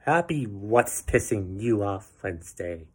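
A man's voice: on the low side, expressive, a little slow, breathy edge. A man hosting a podcast, ranting about everyday annoyances with profanity and sarcastic asides. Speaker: podcast host. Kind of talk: ranting commentary.

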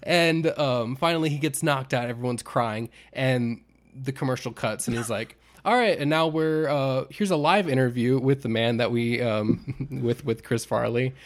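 Young adult male podcast co-host; casual, animated storyteller who acts out quotes. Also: mid-range voice, normal speed.

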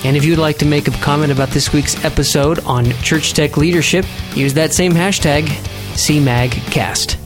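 A man's voice: on the high side, steady tone, moderate pace, over music. A man hosting a podcast in a casual, playful way, teasing his co-hosts. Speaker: podcast host.

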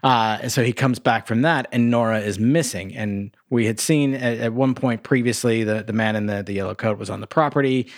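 A man with an ordinary middle-pitched voice talks through a movie's plot on a podcast. He stops and restarts often and leans on filler words. The sound is dry and close, with no room sound. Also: dry recording. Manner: halting, many fillers and restarts while recapping. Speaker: podcast co-host. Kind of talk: casual movie review chat.

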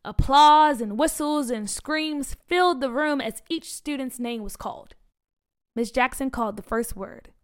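Woman, storyteller, children's story read-aloud, expressive, fairly high voice. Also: measured pace, smooth.

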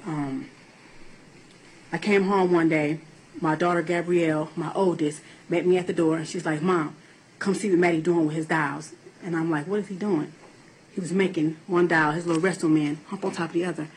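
A woman's voice: sits low, fairly even intonation, normal speed, a little hiss or hum, low-quality recording. A woman giving courtroom testimony, telling her account in a blunt, profane, emotional way. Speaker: defendant in court.

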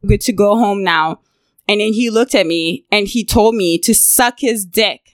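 A woman in her twenties from Africa, telling stories in an animated, blunt, profane way, often laughing. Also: medium pitch, unhurried, dry recording. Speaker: podcast host. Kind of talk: casual storytelling chat.

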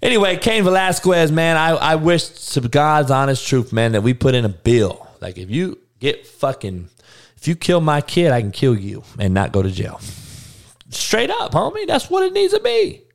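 A man's voice: mid-range voice, animated, moderate pace. A man hosting a podcast, ranting casually and profanely to his audience with frequent laughing asides. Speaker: podcast host.

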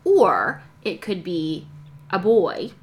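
A woman's voice: fairly low pitch, sing-song, takes it slowly. A woman co-hosting a podcast who chimes in with supportive replies and plays out imagined quotes. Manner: supportive interjections and playful quoted voices. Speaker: podcast co-host. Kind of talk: casual chat.

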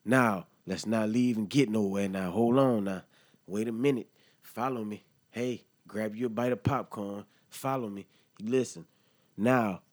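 A man's voice: on the low side, darkish tone. A man hosting a solo podcast, talking in heated, profane slang straight to his listeners. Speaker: podcast host. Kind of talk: impassioned solo podcast commentary.

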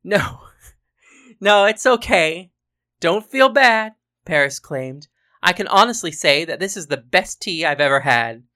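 Giggly young woman, kind and bright-toned, read by a woman. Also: deep voice, normal speed.

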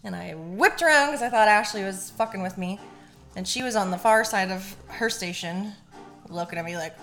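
A woman's voice: medium pitch, brisk, pauses often, a bit bright, soft background music. A young adult woman co-hosting a podcast, telling stories in a loose casual way, swearing freely and laughing easily. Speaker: podcast co-host. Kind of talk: casual storytelling chat.

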